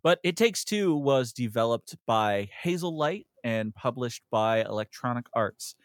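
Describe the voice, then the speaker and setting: A man's voice: medium pitch, animated, measured pace, dry recording, clean studio sound. A man co-hosting a podcast, chatting casually and joking with many fillers. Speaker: podcast co-host. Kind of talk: casual chat.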